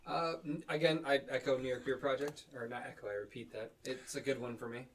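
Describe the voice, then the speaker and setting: A man's voice: medium pitch, steady tone, fast talker, distant mic, a little hiss or hum, poor audio. A man casually chatting as a podcast co-host and parent, rambling with restarts and acting out playful quotes. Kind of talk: casual chat over beers.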